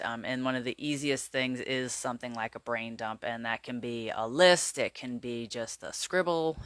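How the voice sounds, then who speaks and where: A man's voice: mid-range voice, fairly bright tone, clean tone, no room sound. A man vlogging casually to camera about wellness, rambling with lots of fillers and checking his notes. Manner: rambling, filler-heavy, chatty; glances at notes while talking.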